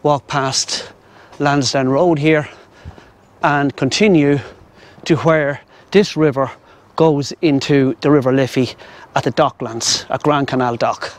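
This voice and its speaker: A man's voice: mid-range voice, steady tone, slow pace. A middle-aged Irish man rambling chattily as he walks a riverside path, talking to his viewers and to the birds, on a clip-on mic. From Ireland. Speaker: vlogger. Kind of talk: casual walking commentary. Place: outdoors on a riverside path in a city. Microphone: wireless clip-on mic.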